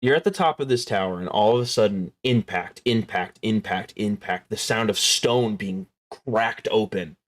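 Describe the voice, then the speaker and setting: A man narrating a tabletop game as game master, slow and dramatic, dropping to hushed tones. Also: fairly low pitch.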